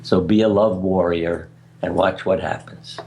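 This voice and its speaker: An older man, a guest on a radio interview, tells stories in an earnest, anecdotal way and chuckles at his own tales. His voice is low-pitched and darkish, with vocal fry and fairly even intonation, and he speaks unhurriedly. There's a little hiss or hum in the recording.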